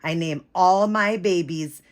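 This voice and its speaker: A woman vlogging an unboxing, gushing and breathless, shaky with excitement, repeating herself as she talks to viewers. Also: lowish voice, takes it slowly. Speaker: vlogger unboxing a reborn doll.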